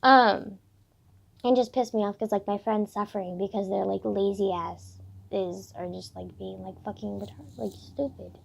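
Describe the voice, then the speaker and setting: Speaking unhurriedly with long pauses, a teen girl airs grievances about her day in a casual diary vlog, full of "like" and swearing. Her medium-pitched voice is creaky, and the dull lo-fi recording carries a little hiss or hum.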